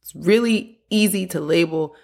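A woman with a low voice talks through parenting advice in an earnest, coaching manner. She is a young adult host who now and then acts out a frustrated parent's words. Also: moderate pace, creaky. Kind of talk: casual advice talk.

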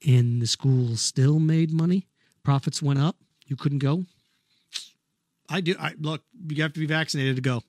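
A man's voice: a little high, moderate pace, darkish tone, no room sound, clean studio sound. A man hosting an opinionated sports talk monologue, blunt and sarcastic. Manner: blunt, sarcastic, mocks callers with put-on voices. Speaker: radio sports talk host.

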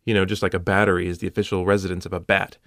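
Low-voiced man explaining puzzles methodically. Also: flat delivery, rapid-fire, fairly bright tone, dry recording. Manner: methodical, with dry punning asides. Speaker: puzzle show host.

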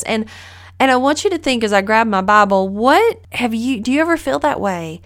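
A woman's voice: fairly high pitch, animated, moderate pace. A middle-aged woman hosting a podcast, giving a casual, earnest Bible lesson and asking the listener questions. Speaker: podcast host teaching the Bible. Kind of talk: casual devotional teaching.

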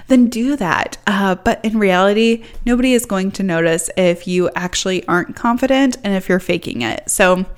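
A woman's voice: mid-range voice, clear, resonant tone. Chatty young woman podcast host. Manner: chatty, upbeat, frequent fillers and laughs. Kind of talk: casual solo podcast chat.

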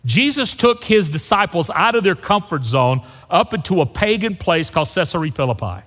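A male pastor preaching a sermon, emphatic and dropping to hushed lows on key phrases. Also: sing-song, moderate pace. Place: church sanctuary. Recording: long reverb of a church hall.

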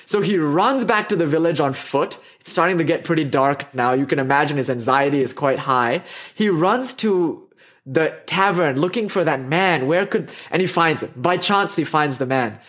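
A man telling a teaching story in a casual, animated way. He laughs often and drifts off on tangents. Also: a little high, normal speed.

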